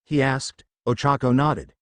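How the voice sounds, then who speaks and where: A man's voice: medium pitch, steady tone, unhurried, fairly bright tone, dry recording. A man narrating a fan fiction story in a plain storytelling manner.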